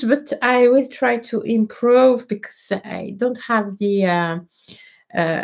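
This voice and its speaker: French woman doing a live q&a, slow and halting, lots of uhs and restarts. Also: medium pitch, vocal fry. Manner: hesitant, many fillers and restarts, nonnative phrasing. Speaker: livestream host answering viewer questions. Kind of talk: casual live Q&A.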